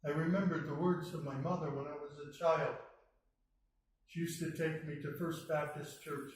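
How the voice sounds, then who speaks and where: A man's voice: on the high side, steady tone, moderate pace, slight background noise. A man from the United States earnestly telling his personal testimony, acting out the voices of people he met. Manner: earnest storytelling, acts out quoted dialogue. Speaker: speaker telling his conversion story. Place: mosque hall. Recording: very echoey hall, mic at a distance.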